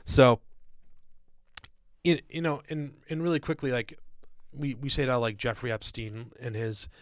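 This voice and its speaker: Casual male podcast co-host with a mid-pitched voice, rambling with lots of fillers, dry recording. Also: fairly even intonation, unhurried, no echo. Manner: casual, calls listeners "guys" and "dude".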